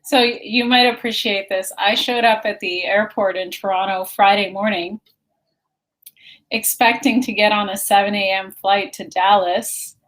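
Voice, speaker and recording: A woman co-hosting a wellness talk show, telling a travel story in a relaxed, easygoing way with frequent laughs. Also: mid-range voice, moderate pace, low-quality recording. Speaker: co-host. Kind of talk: casual chat. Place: remote location in California.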